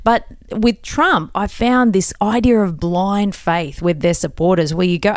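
Chatty woman host, smooth voice. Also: medium pitch, unhurried, hardly any pauses, dry recording, studio quality. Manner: musing, chatty, with hesitant restarts. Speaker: interview host. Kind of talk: conversational interview.

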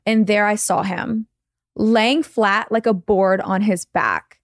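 A woman hosting a podcast, reading a listener's creepy story aloud in a slow, dramatic way. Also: medium pitch, gravelly, no room sound, studio quality. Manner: reads the account slowly and dramatically.

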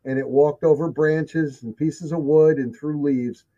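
A man tells his stories in an emphatic, repetitive way, leaning on key phrases. His voice sits a little high for a man. The recording is dull and lo-fi. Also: steady tone, a little slow, warm tone. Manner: emphatic storyteller, repeats himself. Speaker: guest telling of sightings. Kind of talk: casual conversation. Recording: dull lo-fi sound.

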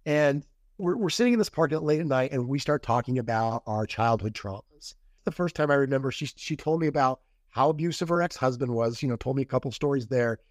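A man's voice: medium pitch, fairly quick, no echo. Male podcast guest, casual storyteller, mid-range voice, dry close sound. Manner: rambling retelling with quoted dialogue and restarts.

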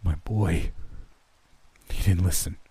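Reading a horror story, a man voices a broken old farmer haunted by loss and guarding a secret. His low, dark, husky voice is hushed and quivers with held-back grief, slow and heavily acted in a sorrowful mood.

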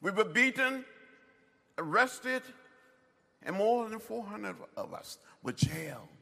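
Older man with a bright, swooping orator's voice. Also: high voice, big pitch swings, slow, vocal fry. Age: 70s. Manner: orator's rhythmic cadence with emphatic repetition. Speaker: commencement speaker. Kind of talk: ceremonial speech. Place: university ceremony venue. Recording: echoey large hall.

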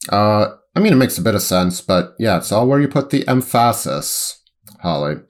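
A man's voice: lowish voice, sing-song. A man co-hosting a sports podcast in casual chat, often hesitant and correcting himself. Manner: halting, hesitant, lots of ums and self-corrections. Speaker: podcast co-host and sports writer.

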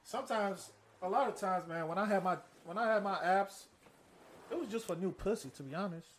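A man's voice: high-pitched, a little fast, a little hiss or hum. A man in his late twenties in a casual chat, talking bluntly and crudely with lots of animation.

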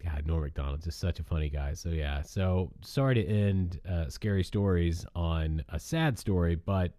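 A man co-hosting a podcast in casual chat, animated and quick to laugh, on a cheap computer mic. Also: deep voice. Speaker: podcast co-host.

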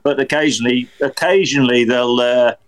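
A man's voice: medium pitch, steady tone, fairly quick. Male pundit guest, casual chat, hesitant restarts. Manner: hesitant, repeats words as he starts. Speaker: podcast guest, football pundit.

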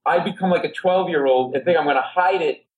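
This talk show guest is a Rhode Island comedian in middle age who spins an extended tale, playing each character along the way. He speaks briskly in a slightly high voice. The audio has its upper frequencies cut off.

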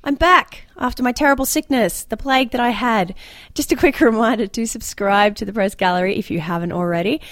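A woman's voice: fairly high pitch, fairly bright tone, no room sound. Chatty Canadian woman hosting a podcast. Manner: chatty, quick to laugh. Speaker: podcast host. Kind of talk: casual political podcast chat.

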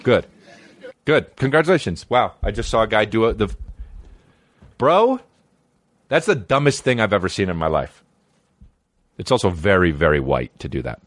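A man's voice: on the low side, very animated, moderate pace, pauses often. A young man reacting to videos in rambling, profane casual commentary, full of stammered restarts.

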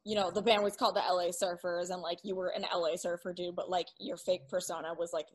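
A woman's voice: on the low side, flat delivery, fast, husky, rough recording. A woman in her twenties co-hosting a podcast, gushing like a fan in casual chat and saying "like" a lot. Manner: enthusiastic fan, lots of "like". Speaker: podcast co-host.

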